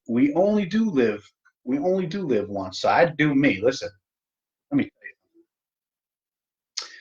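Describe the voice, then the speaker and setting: A man's voice: mid-range voice, dull audio. A middle-aged man hosting a casual live stream from home, joking at his own expense and talking straight to his viewers. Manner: joking, self-mocking, talks straight to viewers. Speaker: livestream host.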